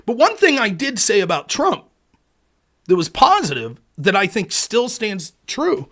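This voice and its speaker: A man's voice: sits high, huge pitch swings, a little slow, a bit bright. A man hosting a political commentary show, ranting in an angry, sarcastic and profane way.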